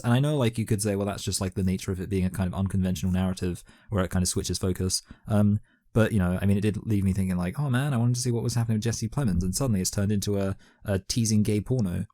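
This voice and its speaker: A man's voice: on the low side, mellow, dry recording. A man co-hosting a casual movie podcast, hesitant and full of "like" and "um", with crude jokes. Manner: crude humor, hesitant, lots of fillers and "like". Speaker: podcast co-host. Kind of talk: casual comedic chat.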